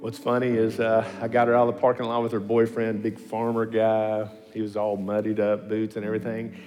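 Man preacher, sermon storytelling in a reverberant hall, soft music underneath, mid-pitched voice, animated. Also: brisk. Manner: animated storyteller, acting out quotes in pitch leaps.

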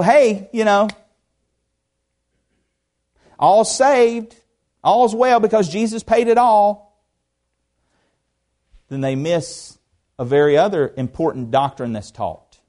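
Taking his time, a high-pitched male pastor works through an expository sermon in earnest. His delivery swings between emphatic rises and soft drops, with conversational asides and rhetorical questions put to the congregation.

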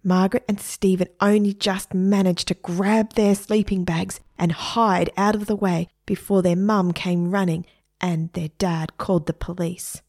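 A woman narrating a children's story expressively, dropping to hushed asides. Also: fairly low pitch, steady tone, measured pace, dry recording, studio quality.

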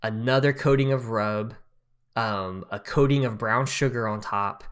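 This thirtysomething podcast co-host has a smooth, slightly bright mid-range voice and talks a little slowly. His storytelling wanders and chats along, packed with fillers and frequent laughter.

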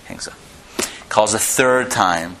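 A man gives a live lecture to a classroom audience. His voice is bright and forceful, and he speaks conversationally, restarting phrases and stopping to tell a joke. Faint noise sits under the recording. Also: on the low side, takes it slowly. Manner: conversational, repeats and restarts, tells jokes. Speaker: rabbi teaching a class.

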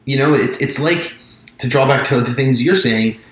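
A man's voice: medium pitch, normal speed, a bit bright. A man from the Mid-Atlantic United States, co-hosting a casual podcast chat, rambling and breaking off his own sentences with the odd laugh. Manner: rambling, self-interrupting, laughs often. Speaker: podcast co-host. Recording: very echoey room.

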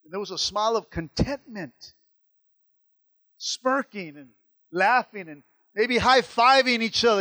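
A man preaching a sermon, moving from quiet, low passages to loud, emphatic repetitions. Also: measured pace, long pauses.

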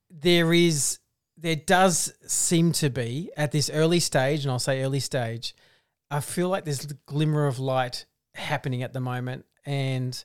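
An Australian man in casual chat about a football game, animated and often restarting his sentences. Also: a little high, smooth. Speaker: football podcast co-host.

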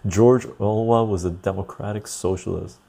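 A tired man hosts a loose, rambling livestream and reads chat messages aloud. His low voice is gravelly and husky. He laughs easily as he chats. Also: fairly even intonation, normal speed, dark tone. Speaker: livestream host reading chat.

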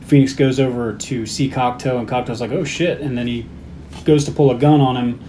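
Podcast co-host, male, mid-pitched, relaxed plot recap over faint noise. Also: brisk. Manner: plot-summarizing with fillers. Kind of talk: casual movie recap.

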